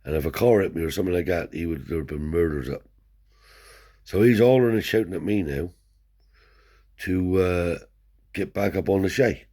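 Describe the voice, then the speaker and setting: With a deep, dark voice at an ordinary pace, this older man pauses often as he rambles through his tales. He is a Romany traveller speaking broad dialect, full of cursing and repeated "see?".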